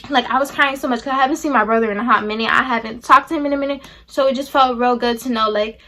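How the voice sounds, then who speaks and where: A woman's voice: fairly high pitch, steady tone, fast talker, pushed and bright. A young adult woman telling a personal story to her viewers, blunt and profane, acting out the people she quotes. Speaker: vlogger. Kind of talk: storytime chat to camera.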